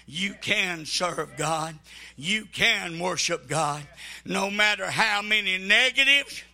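A pastor preaching an impassioned sermon, swinging between shouted cries and hushed, near-whispered lines. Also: male voice, high voice, animated, slow, vocal fry. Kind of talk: Pentecostal sermon.

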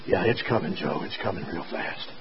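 A man voicing a gentle young doctor at a dying boy's bedside, speaking low and steady. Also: moderate pace, muffled recording, slight background noise. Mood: gentle, soothing.

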